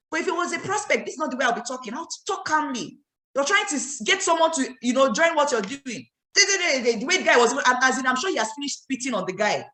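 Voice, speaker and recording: A woman's voice: a little high, fairly bright tone, reverberant. A woman with a Nigerian accent giving an emphatic motivational training talk as a network marketing trainer, scolding her listeners with rhetorical questions.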